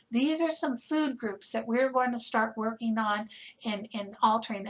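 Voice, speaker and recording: A woman's voice: fairly high pitch, fairly bright tone, rough recording. A woman lecturing nursing students in a conversational way, asking rhetorical questions and checking in with "okay?". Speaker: nursing instructor. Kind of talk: recorded lecture.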